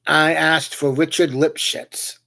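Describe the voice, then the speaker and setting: Slow, joking man with a highish voice. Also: flat delivery, creaky, bright, forceful tone. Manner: joking, anecdotal, meandering. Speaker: livestream host. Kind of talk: casual rambling chat.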